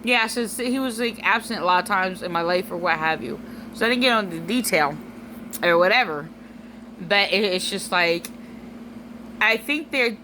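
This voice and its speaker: A woman's voice: medium pitch, normal speed, bright, forceful tone, slight background noise, low-quality recording. A tearful woman rambling through a personal vlog monologue, full of restarts and fillers.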